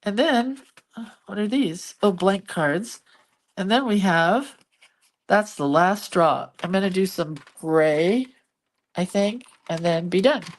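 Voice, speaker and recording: A woman's voice: mid-range voice, expressive, slow pace. A woman hosting a hand-lettering and doodling livestream, chatting casually and musing aloud as she draws and reads viewer comments. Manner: chatty, muses aloud while drawing and reading viewer comments. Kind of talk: casual craft livestream chat.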